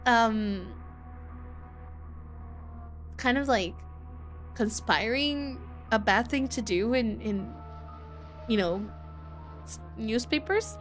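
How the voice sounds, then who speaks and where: A woman streamer reacting casually during a readalong, excitable and giggly with exaggerated gasps. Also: a little high, extremely slow, pauses often, faint music behind. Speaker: streamer voice actor.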